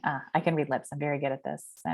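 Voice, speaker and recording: Woman team leader, fairly low voice, rambles chattily with fillers, heard over a video call. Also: flat delivery, rapid-fire, gravelly, a little mellow. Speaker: team leader hosting a meeting. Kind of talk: casual chat.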